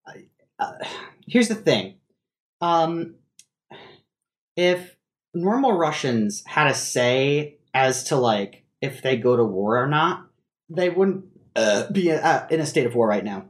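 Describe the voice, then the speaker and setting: A man's voice: mid-range voice, animated, takes it slowly. A laughing, rambling man on a call. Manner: rambling, laughs often, swears casually. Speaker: podcast co-host. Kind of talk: casual chat. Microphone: video call.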